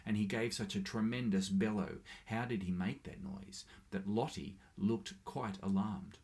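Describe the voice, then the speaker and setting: A man reading a short story aloud in a steady, measured way. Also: on the low side. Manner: steady, measured, with small slips. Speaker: reader.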